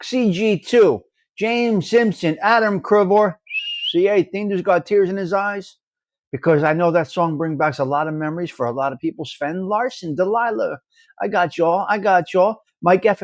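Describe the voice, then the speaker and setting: A man chats live with his viewers, greeting them by name and teasing the ones who argue with him. His voice sits high for a man. The sound is dry and close, with no room around it. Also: moderate pace, no echo. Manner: animated, teasing, reads out viewer names and comments. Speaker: livestream host. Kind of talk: casual live chat with viewers.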